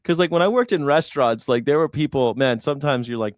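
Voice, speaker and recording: A man's voice: mid-range voice, quick pace, few pauses, no echo, studio quality. A man hosting a casual reaction show, talking bluntly and rambling with plenty of swearing. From grew up in a city. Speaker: news reaction host.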